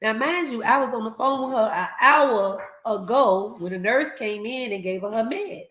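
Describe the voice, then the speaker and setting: A woman hosting a live stream, telling a story in casual chat, animated and laughing as she acts out the voices in it. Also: sits high, moderate pace, roomy sound, low-quality recording. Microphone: video call.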